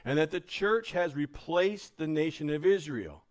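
A man delivers a sermon from the pulpit of a church. His voice sits a bit high, and his style is casual, plain-spoken and easygoing, with "man" dropped into his sentences. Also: expressive, measured pace. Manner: casual, joking, says "man" often. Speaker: pastor.

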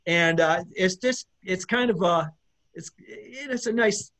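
A middle-aged guest musician speaks slowly in a high-pitched, slightly bright voice during a casual interview chat. His talk is rambling, with plenty of restarts and laughter.

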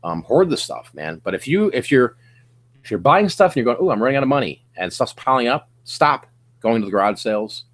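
A middle-aged man talks casually from a chair in his home office, hosting a livestream for resellers. His pitch swings widely as he pushes listeners on with punchy, slangy pep talk and sudden shouted bursts. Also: moderate pace. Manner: energetic, hyped coaching with bursts of slang.

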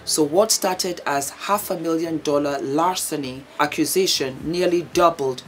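A middle-aged woman hosting her own channel, talking casually and then recapping a news story, chatty and warm with animated outbursts. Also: deep voice, a little slow, slight background noise. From Britain. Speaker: YouTube channel host. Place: London.

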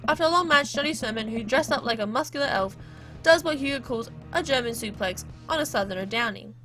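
Woman gamer, animated narration read-through, music bed. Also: a little high, fast. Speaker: gamer playing a visual novel. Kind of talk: reading game narration aloud. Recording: game music playing behind.

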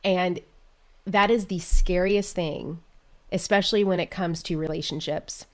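An earnest woman in her thirties talks openly as a guest on a podcast. Her voice sits a little low for a woman. She tells her story candidly, in a casual conversational flow. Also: fairly even intonation, a little slow. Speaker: podcast guest, business coach. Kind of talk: casual interview chat.

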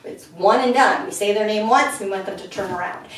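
A woman dog trainer explaining steps clearly in an instructional video, filmed indoors at home and breaking into high sing-song praise. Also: fairly quick. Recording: very echoey room, far from the mic.

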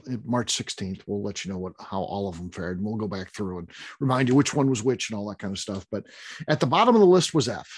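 Man, husky, lively pitch, casual tasting host, repeats himself. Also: dry recording. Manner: chatty, repeats phrases, filler-heavy. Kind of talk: casual results announcement.

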